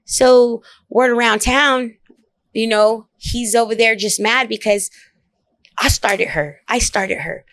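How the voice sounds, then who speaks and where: A woman comedian telling a story in a casual interview, blunt and profane, animated as she talks. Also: fairly high pitch, slow, no room sound. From Oak Cliff, Dallas area, Texas. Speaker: comedian guest.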